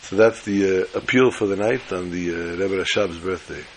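A man's voice: sits low, steady tone, moderate pace, a little hiss or hum. A man preaching as a rabbi, telling a story in a folksy, emphatic way. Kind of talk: sermon with storytelling.

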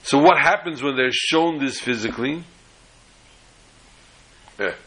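Speaking a little slowly in a medium-pitched, fairly bright voice, this Torah teacher explains his lesson one step at a time. He keeps restarting and rewording mid-sentence and uses jokes to illustrate points. The audio is rough.

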